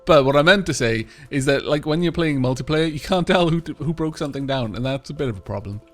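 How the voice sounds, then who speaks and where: A man's voice: a little high, expressive, faint music behind. Teasing man chatting over a game. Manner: playful, teasing, quick to laugh. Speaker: let's play host. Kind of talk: casual multiplayer gaming chat.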